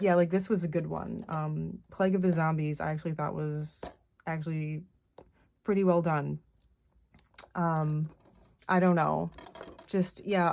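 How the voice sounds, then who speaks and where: A woman's voice: lowish voice, darkish tone. A middle-aged woman, rambling through a casual monthly recap vlog with lots of fillers and restarts. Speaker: vlogger.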